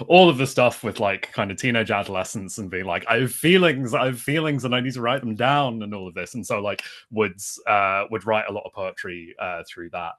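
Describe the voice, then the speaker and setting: London guy in his 30s w/ a bit of manc in it, lowish voice, chatty, lots of "like". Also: a bit bright. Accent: London, with a slight Manchester tinge. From North London, England. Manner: chatty, many fillers like "like" and "kind of". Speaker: poet, interview guest. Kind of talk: casual chat.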